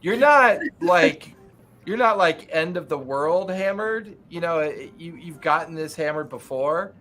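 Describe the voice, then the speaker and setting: A man's voice: fairly high pitch, expressive, measured pace, fairly bright tone. A man narrating as game master in casual, rambling style, with faint music behind.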